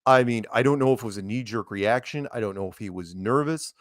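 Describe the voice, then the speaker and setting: A man's voice: fairly low pitch, quick pace, dry recording, clean studio sound. Rambling man in casual chat. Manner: rambling, laughs often. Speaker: guest.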